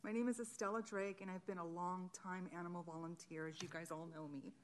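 A woman's voice: on the low side, steady tone, brisk, slight background noise. A woman who volunteers at an animal shelter, speaking firmly in a public comment at a council meeting. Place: council chamber.

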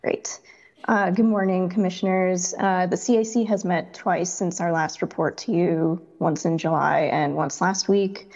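A woman's voice: fairly low pitch, steady tone, a little slow, a little mellow, big-room sound, dull audio. A woman who is a committee vice chair, giving a polite, formal report to a board.

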